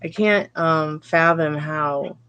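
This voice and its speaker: A woman reading tarot on a live stream, chatting casually with viewers and rambling in halting, restarting sentences. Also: low-pitched, a bit bright, a little hiss or hum.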